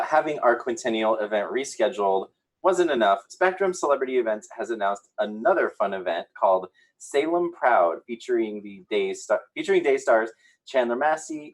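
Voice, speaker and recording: A man's voice: mid-range voice, normal speed, poor audio. A man co-hosting a soap recap show, reading news and gossip in an upbeat way with some "uh"s. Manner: upbeat, animated delivery with filler "uh"s.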